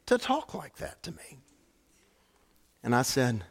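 A man preaching a sermon as pastor, telling stories and moving between hushed lines and animated ones. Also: medium pitch, slow, vocal fry, pauses often, husky. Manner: storytelling, swings from hushed to animated. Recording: long hall reverb.

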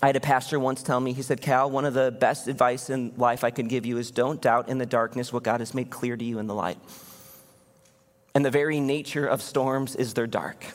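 A male pastor preaching a conversational, animated sermon, often acting out the voices of people in the story. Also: medium pitch, brisk, big-room sound. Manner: animated, conversational, acts out voices in Bible stories. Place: church.

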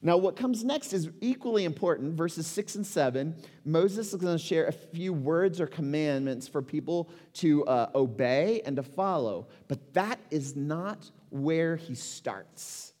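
A man's voice: fairly high pitch, lively intonation, measured pace, hardly any pauses, darkish tone. A man in his forties preaching a sermon, conversational and emphatic, asking rhetorical questions. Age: 40s. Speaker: pastor. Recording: long reverb of a large hall.

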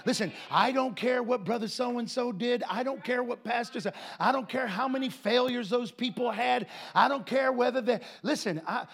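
A male preacher giving a sermon, swinging between quiet, joking asides and shouted proclamations. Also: very high-pitched, creaky, husky. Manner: folksy, joking, with laughter.

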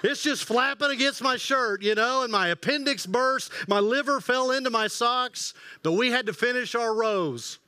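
Man putting on a boastful old grandpa, loud and raised in pitch, tall-tale teller. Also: smooth, dry recording. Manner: bragging, exaggerating, drawn-out punchlines.

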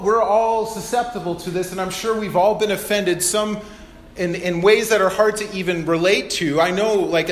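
High-voiced pastor, echoey room. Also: male voice, fairly bright tone, a little hiss or hum. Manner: conversational, explaining with asides and rhetorical questions. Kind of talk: sermon.

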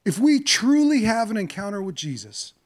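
A man preaching a sermon, retelling a story with shifts from quiet, hushed passages to impassioned, louder ones. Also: sits high, sing-song, moderate pace.

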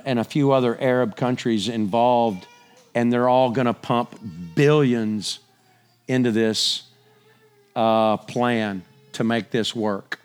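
A middle-aged man preaching a sermon, animated, his voice climbing higher when he gets excited. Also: clean tone.

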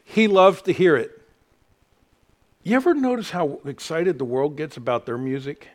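A man's voice: fairly high pitch, expressive, moderate pace. A middle-aged man preaching a sermon as pastor, mixing self-mocking jokes with praise.

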